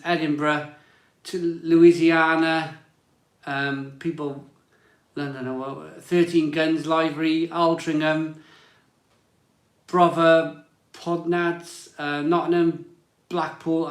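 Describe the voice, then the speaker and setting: A man's voice: fairly high pitch, flat delivery, slow, long pauses, reverberant. Chatty man hosting a beer live stream. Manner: chatty, greets viewers and reads out chat comments. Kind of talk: casual live stream chat.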